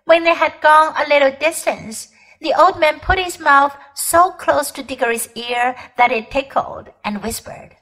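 Female teacher, storybook read-aloud, slow and deliberate. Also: high voice, fairly bright tone, poor audio. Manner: slow, careful reading. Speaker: English teacher.

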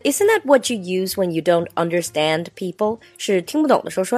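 A woman's voice: on the low side, sing-song, a little fast, a little mellow, no echo, faint music behind. A woman co-hosting an educational chat whose first language is Mandarin Chinese, curious and asking questions as she explains things in two languages. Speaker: co-host.

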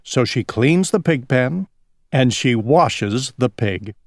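Man reading a picture book aloud; slow, with a rising and falling pitch, dry sound. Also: dry recording. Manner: slow, expressive storytelling.

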